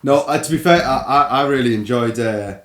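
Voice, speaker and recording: A man's voice: medium pitch, brisk, fairly bright tone. A young man, co-hosting a casual football podcast, chatty and full of "like" and "aye". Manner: chatty, says aye and like a lot. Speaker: podcast co-host. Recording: echoey room.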